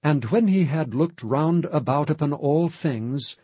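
A man reading a Bible passage aloud in a slow, measured way. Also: a little high, expressive, dark tone, breathy edge, no echo. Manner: slow, measured reading of King James text. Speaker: scripture reader. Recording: dull, muffled, dry sound.

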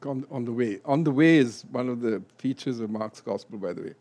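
A man leading a Bible study, explaining scripture and acting out quotes with a rising, animated voice. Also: mid-range voice, a little fast.

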